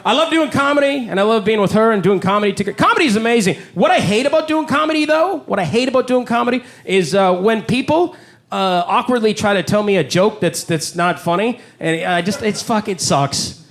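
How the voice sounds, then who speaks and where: A brash comedian in his forties tells profane stories on stage at a comedy club. His voice sits high for a man. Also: brisk, fairly bright tone, a faint crowd. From Canada. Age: 40s. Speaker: stand-up comedian. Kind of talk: live stand-up set.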